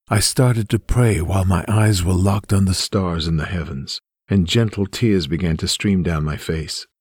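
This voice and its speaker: A man's voice: sits low, a little mellow, breathy edge, no echo, clean studio sound. A man reading his own memoir aloud in a somber, earnest way. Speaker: narrator. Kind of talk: memoir narration.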